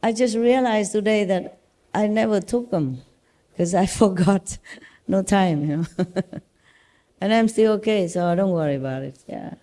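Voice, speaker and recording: A woman spiritual teacher with a Vietnamese accent, telling stories and reassuring her disciples in a casual, animated way. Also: medium pitch, unhurried, pauses often. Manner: reassuring, animated storytelling with laughs.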